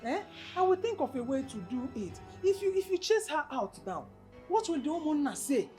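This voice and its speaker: An actress with a Nigerian accent playing a calculating mother who coaxes in a persuasive, low-key way. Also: very animated, normal speed, warm tone, soft background music. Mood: coaxing. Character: calculating mother, soothing but plotting.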